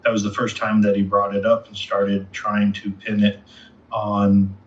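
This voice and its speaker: Deep-ish flat guy talking slow, far from the mic, muffled lo-fi. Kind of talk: casual political discussion. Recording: distant echoey lo-fi audio.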